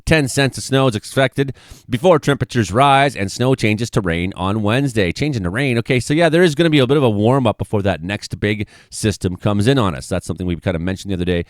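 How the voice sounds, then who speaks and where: A man giving a casual, excitable weather forecast over maps. He jokes often and swears freely. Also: on the low side, quick pace, no echo, clean studio sound. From Canada. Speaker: weather vlogger.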